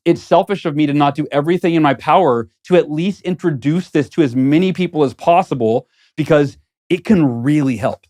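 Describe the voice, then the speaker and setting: A man's voice: a little high, brisk, a little mellow. Earnest, reflective man in conversation. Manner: earnest and reflective, thinking aloud. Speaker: guest author. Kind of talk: casual interview conversation. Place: studio.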